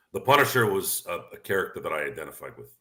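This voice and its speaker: Low-pitched and forceful with a bright tone, this podcast host chats casually about sports and movies. His talk is opinionated and meandering, full of frequent restarts.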